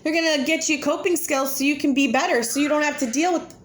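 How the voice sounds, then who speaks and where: A woman talks straight to camera, blunt, chatty and quick to laugh. Her voice sits a little high for a woman. The room around her rings with echo. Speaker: vlogger. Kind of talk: casual talk to camera. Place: home with children nearby. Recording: echoey room.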